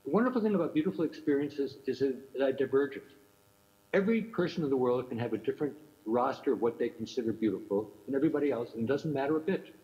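A man's voice: medium pitch, animated, quick pace. Older man lecturing, muffled lo-fi sound. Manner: thoughtful, repeats rhetorical questions. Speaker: keynote speaker. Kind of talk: academic lecture. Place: remote talk from another time zone. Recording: muffled lo-fi recording.

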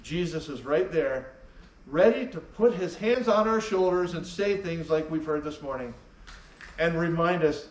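A man's voice: fairly high pitch, a little slow, reverberant, far from the mic, rough recording. A man preaching a sermon as pastor, emphatic and repeating key phrases for weight. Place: church sanctuary.

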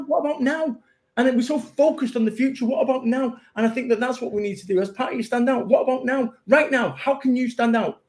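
Brash high-voiced Mancunian man. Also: darkish tone. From England. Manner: brash, self-mocking, punchy storytelling. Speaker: motivational speaker. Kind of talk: casual interview chat.

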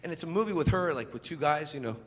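A man's voice: a little high, expressive, quick pace, long reverb tail. A man doing stand-up on a comedy club stage, telling stories animatedly and laughing through them, speaking into a handheld mic. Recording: live club recording with loud crowd.

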